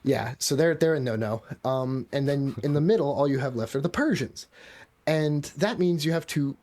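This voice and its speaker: A man's voice: normal speed, darkish tone. A man chatting casually on a podcast, rambling and swearing as he talks through geopolitics. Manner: profane, rambling, jumps into high mocking voices for jokes. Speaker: podcast co-host.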